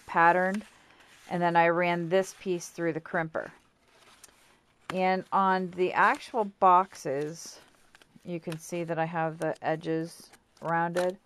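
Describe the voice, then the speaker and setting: A woman's voice: on the low side, smooth. A woman giving a casual craft tutorial at home, chatty and rambling with lots of fillers, self-corrections and apologetic asides. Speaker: craft vlogger.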